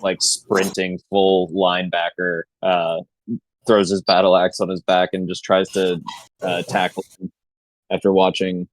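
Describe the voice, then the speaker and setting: A man with a very deep voice describes his character's actions in a tabletop game, pausing on fillers as he thinks. The sound is dry and close, with no room around it. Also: dry recording, poor audio. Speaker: player. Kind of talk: casual tabletop game play.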